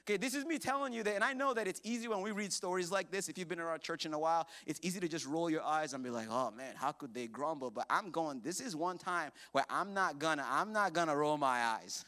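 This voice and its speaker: Guy pastor giving a sermon at church, kinda high forceful voice, super animated, jokes around and does little voices. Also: fast, few pauses. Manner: animated and jokey, acting out voices. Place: church service with congregation.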